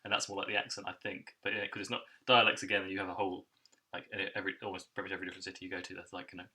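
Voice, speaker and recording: A man co-hosting a casual podcast, talking quickly with frequent laughs and restarts. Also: low-pitched, little pitch movement, bright, forceful tone, breathy edge. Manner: fast, laughs often, many restarts. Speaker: podcast co-host. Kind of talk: casual chat.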